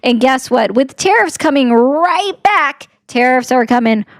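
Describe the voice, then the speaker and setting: A woman political commentator, arguing and explaining at a quick, assertive clip. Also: sits high, lively intonation. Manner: rapid, assertive, lecturing.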